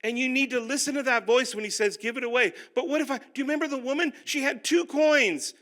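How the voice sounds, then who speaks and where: An older male pastor teaching a finance class, telling animated, self-deprecating stories. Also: very high voice, fast talker. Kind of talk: sermon-style finance class.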